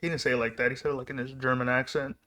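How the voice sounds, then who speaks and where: Very fast, pushed and bright, this vlogger's medium-pitched voice barely moves in pitch. He rambles through a personal story in a chatty, casual way, frequently interrupting himself and restarting sentences.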